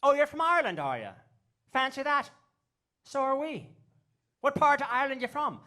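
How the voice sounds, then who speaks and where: Brief: teasing young woman, high falsetto, as a male comic plays her. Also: sing-song, moderate pace, bright, forceful tone, heavily acted. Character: young woman on a beach, mock-surprised.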